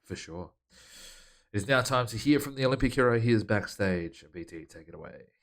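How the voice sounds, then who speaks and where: Low-voiced man calling game results. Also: brisk. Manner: relaxed, matter-of-fact play-by-play. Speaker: host. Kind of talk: casual game commentary.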